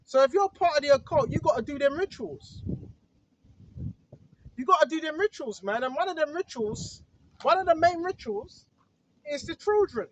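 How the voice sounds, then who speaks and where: High voice, informal preacher, emphatic, repetitive, rhetorical questions, muffled lo-fi sound. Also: animated, normal speed, pauses often, a little hiss or hum. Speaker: online preacher. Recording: dull lo-fi recording.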